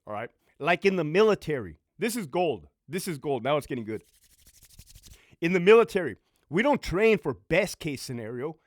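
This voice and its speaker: A middle-aged former prison sergeant and military veteran tells stories at home, handing out blunt, profane advice. His voice sits on the high side, captured as clean studio sound with no room echo.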